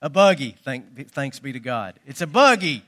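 A man preaching a sermon, telling folksy jokes and stories with animated emphasis. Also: medium pitch, normal speed. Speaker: pastor.

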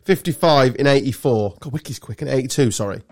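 A man's voice: medium pitch, fairly quick, darkish tone. A man hosting a casual podcast chat, bantering, laughing often and thinking aloud as he looks things up. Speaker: podcast host.

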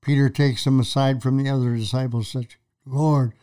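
A preacher co-hosting a faith talk show retells Bible stories in a conversational teaching style, acting out quoted lines with dramatic emphasis. His mid-range voice is dark and clean, with little pitch movement and a slightly fast pace.

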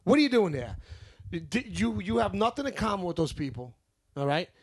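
A man's voice: sits high, sing-song, normal speed, breathy edge. Profane New York man ranting. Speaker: podcast co-host. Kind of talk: casual chat.

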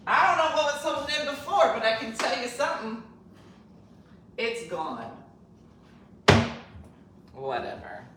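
A woman in her fifties rants through a funny story with exasperated, joking energy. Her pitch swoops lively up and down as she tells it. The sound carries a roomy echo. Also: measured pace, pauses often, noisy background. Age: 50s. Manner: animated, exasperated, joking rant. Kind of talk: comic storytelling chat.

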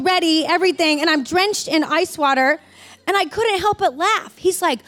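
A woman in her forties, a ministry leader, sharing a candid, expressive personal testimony in a sermon, full of "like" and "oh my gosh". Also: very high-pitched, normal speed, no room sound.

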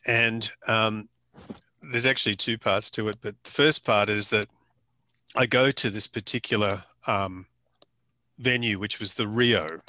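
A man's voice: lowish voice, fairly even intonation, unhurried, bright, forceful tone, no room sound. An Australian man and photographer, telling colourful anecdotes in a casual interview, using slang and the odd swear word. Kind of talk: storytelling interview chat.

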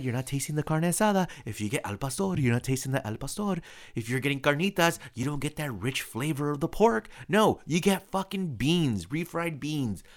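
A man hosting a podcast in casual chat, blunt and emphatic, swearing casually. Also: a little high. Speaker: podcast host.

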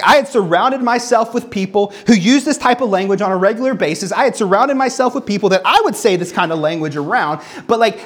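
A pastor in their thirties delivers an earnest sermon at a mid-range pitch. The voice rises and falls a lot, and they repeat words for emphasis while reading scripture aloud between personal stories.

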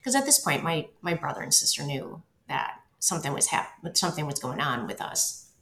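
A woman with a low voice recounts her own story as a guest, often stumbling and repeating words. Her voice carries a roomy echo. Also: very animated, moderate pace, vocal fry, sharp tone. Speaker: interview guest. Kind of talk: personal storytelling.

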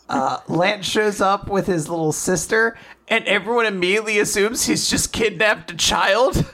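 A woman in a mid-range voice takes her time while co-hosting an easygoing chat. She walks through a manga chapter in an animated way, acting out what the characters say with laughs.

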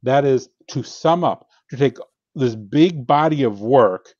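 A man's voice: medium pitch, animated, measured pace, a little mellow, no room sound, muffled recording. A man who has written a book, explaining theology in an earnest, teaching way and reading scripture aloud on a podcast. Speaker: podcast guest, author. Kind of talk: casual theological discussion.

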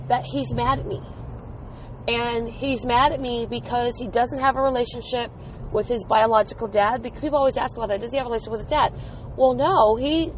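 A woman's voice: on the high side, a little hiss or hum, low-quality recording. A woman, likely in her forties, candidly telling a personal story as a mother, earnest and emphatic as she recalls her own firm words.

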